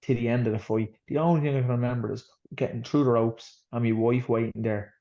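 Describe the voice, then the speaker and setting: A man's voice: mid-range voice, fairly even intonation, quick pace, dark tone. An Irish boxer telling his story in an interview, blunt and swearing freely, rambling as he goes. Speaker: boxer, guest. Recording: slightly dull lo-fi sound.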